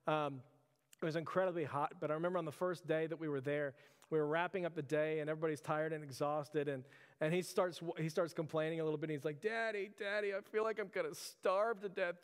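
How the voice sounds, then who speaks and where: A man's voice: on the high side, clear, resonant tone. A man in his thirties preaching a conversational sermon, earnest and informal, often calling his listeners "church". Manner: earnest, repeatedly addresses listeners as "church", filler "like". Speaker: pastor. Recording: long hall reverb.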